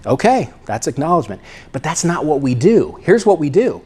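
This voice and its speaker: A man's voice: a little high, lively intonation, brisk, a little mellow. A middle-aged man, a psychologist, giving a conversational lecture and often checking in with "right?" and "okay?". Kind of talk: lecture talk.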